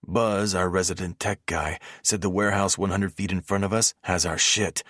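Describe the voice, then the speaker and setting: A man narrating a first-person romance audiobook in a steady, measured reading voice on a close mic. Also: sits low, dry recording.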